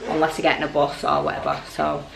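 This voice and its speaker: A woman's voice: low-pitched, completely flat delivery, quick pace, creaky, fairly bright tone. Chatty woman vlogging in an echoey room. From England. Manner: chatty, rambling, talks straight to viewers. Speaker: family vlogger. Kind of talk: casual vlog to camera. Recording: echoey room with background noise.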